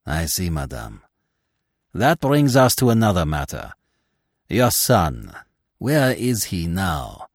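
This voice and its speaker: A man's voice: deep voice, wildly swooping pitch, slow, pauses often, no room sound, studio quality, exaggerated voice. A man reading aloud, voicing a polite and precise detective in a classic mystery story. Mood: courteous. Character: shrewd, courteous little male detective.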